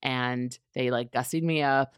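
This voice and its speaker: A woman co-hosting a casual podcast, soft-spoken and hesitant, full of ums and trailing pauses. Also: a bass voice, steady tone, smooth, dry recording, clean studio sound. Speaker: podcast co-host. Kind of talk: casual chat.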